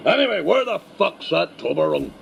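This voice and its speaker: A man playing a blustering, crude older Northern Irish loyalist preacher with a Northern Irish accent and a gruff voice, in a comedy sketch. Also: high voice, animated, a little fast, lo-fi sound, slight background noise, heavily acted. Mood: brusque. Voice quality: gravelly, gruff. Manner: blunt, crude and bombastic.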